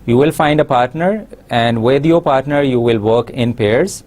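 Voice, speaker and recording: A man giving a recorded university lesson, explaining slowly with many pauses and fillers. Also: medium pitch, darkish tone. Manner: slow, explanatory, frequent uh fillers. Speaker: English lecturer.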